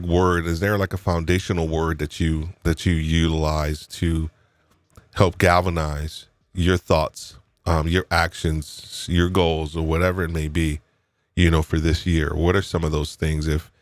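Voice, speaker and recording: Deep-voiced playful male podcast host. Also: little pitch movement, unhurried, no room sound. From New York. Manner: playful teasing banter; reflective, uses fillers and restarts. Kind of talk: live podcast chat.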